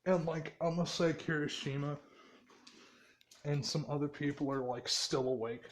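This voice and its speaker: A man's voice: fairly high pitch, steady tone, normal speed, slight background noise. A man casually telling a fan story in a rambling, profane way, laughing often.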